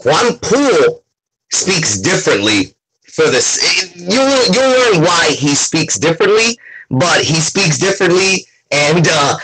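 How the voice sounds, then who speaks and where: A man, a comic artist as guest, chatting excitably over a video call and often asking "you know what I mean". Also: fairly high pitch, unhurried, poor audio. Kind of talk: casual chat.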